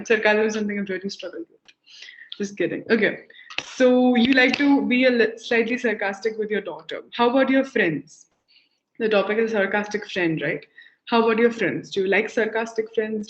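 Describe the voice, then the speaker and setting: A woman's voice: mid-range voice, normal speed. A young woman tutoring over a video call, chatty and laughing often as she explains things with examples. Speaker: English tutor. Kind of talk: conversation practice lesson. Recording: echoey room, dull lo-fi call audio.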